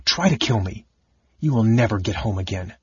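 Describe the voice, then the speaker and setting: A man's voice: on the low side, animated, normal speed, darkish tone, breathy edge, dry recording, dull audio. A man playing a cold, mocking mage. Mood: whispering. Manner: cold, mocking, sometimes whispered. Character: sickly scornful male mage, cold and cutting.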